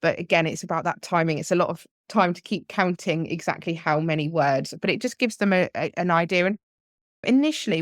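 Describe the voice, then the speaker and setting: A woman's voice: fairly low pitch, no room sound, studio quality. A woman, a language teacher, explaining exam tips in a live webinar, talking things through with restarts and examples.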